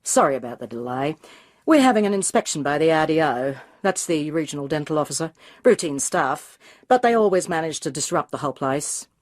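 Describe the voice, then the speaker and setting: A woman voicing a fit man of about forty, an Australian dentist with an offhand, brisk manner. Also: sits low, animated.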